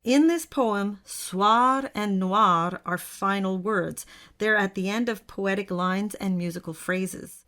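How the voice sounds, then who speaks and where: A woman giving a pronunciation lesson for singers, demonstrating each sound slowly and precisely. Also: mid-range voice, sharp tone. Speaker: diction teacher. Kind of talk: pronunciation tutorial.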